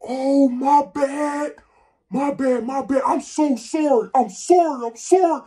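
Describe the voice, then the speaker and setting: A young woman doing a panicky male intruder, repeated apologies, slow, mellow, high. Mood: apologetic.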